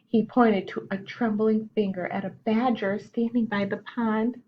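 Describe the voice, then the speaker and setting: Teacher reading a storybook to kids. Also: female voice, medium pitch, fairly even intonation, unhurried, hardly any pauses, dull audio. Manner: asks questions to the kids, explains words. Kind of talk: children's storytime read-aloud.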